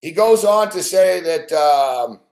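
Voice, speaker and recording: A man's voice: a little high, animated, takes it slowly, darkish tone, echoey room. A man hosting a sports betting show, ranting about football with sarcastic, profane remarks and frequent laughs.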